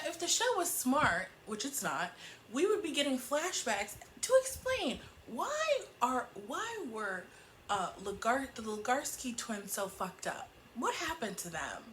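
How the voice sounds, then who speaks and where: A woman's voice: mid-range voice, a bit bright, a little hiss or hum, low-quality recording. A woman giving a casual recap review of a TV episode, exasperated, profane and laughing often. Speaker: book and TV reviewer.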